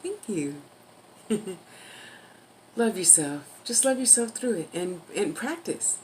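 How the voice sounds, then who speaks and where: A woman talking casually to camera with life advice, rambling and chatty, now and then slowing down for emphasis. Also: medium pitch, lively intonation, a little mellow, slight background noise, poor audio. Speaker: vlogger giving life advice.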